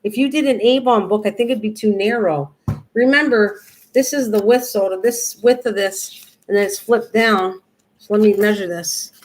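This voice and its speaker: A woman's voice: mid-range voice, normal speed, a little mellow, a little hiss or hum, rough recording. An older woman hosting a live crafting stream, chatting casually, rambling and answering viewers as she works. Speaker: crafting livestream host.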